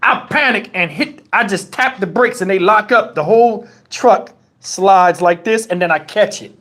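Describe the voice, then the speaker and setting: A man's voice: high-pitched, moderate pace. A man hosting a livestream, telling a story in casual, profane chat and acting out the dialogue as he goes. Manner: animated, profane, acts out quoted dialogue. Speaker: livestream host. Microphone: wireless lavalier.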